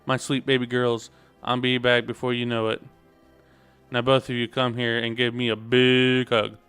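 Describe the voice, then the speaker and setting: A man's voice: medium pitch, little pitch movement, moderate pace, fairly bright tone, clean tone, soft background music, close to an everyday voice. A man reading the lines of an earnest, reassuring noble father from a game. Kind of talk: reading game dialogue aloud.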